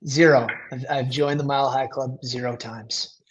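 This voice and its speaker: A man's voice: mid-range voice, fairly even intonation, moderate pace, dull audio. A man talking casually as a podcast guest, rambling with lots of fillers and restarts.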